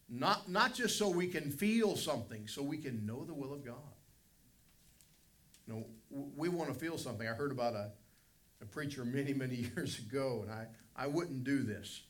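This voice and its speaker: A man's voice: mid-range voice, a bit bright. A middle-aged man, a pastor, preaching a Sunday school lesson with emphatic swells of volume on key phrases.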